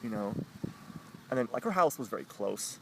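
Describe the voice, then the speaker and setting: A man telling a rambling, profane story, jumping into high put-on voices when he quotes people. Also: normal speed, vocal fry, breathy edge, no room sound. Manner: animated, profane, jumps into squeaky voices when quoting others. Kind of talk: rambling anecdote with acted quotes.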